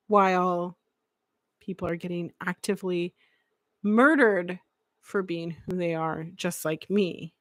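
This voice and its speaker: A woman's voice: on the low side, fairly even intonation, slow pace, no echo, clean studio sound. A woman hosting a live podcast, speaking candidly and emotionally and swearing freely. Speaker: podcast host.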